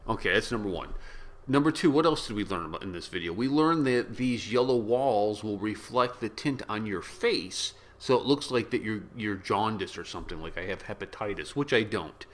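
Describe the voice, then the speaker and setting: A man hosting a reaction video, rambling and joking in a casual way, now and then bursting into loud shouts. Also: lowish voice, animated, moderate pace. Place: small room with yellow walls.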